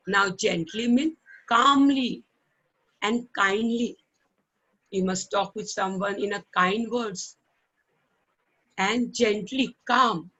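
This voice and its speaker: A middle-aged woman with an Indian English accent teaching children in an online class. She talks slowly and patiently, repeating words for the children to copy and often checking in with a coaxing "okay?". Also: medium pitch, fairly bright tone, husky, lo-fi sound. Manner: ends phrases with coaxing "okay?". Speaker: primary school English teacher. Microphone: online call microphone.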